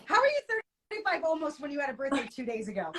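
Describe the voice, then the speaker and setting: A woman co-hosting a podcast, telling a client story in a lively way and laughing often. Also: high voice, quick pace. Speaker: podcast co-host and coach. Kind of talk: casual podcast chat.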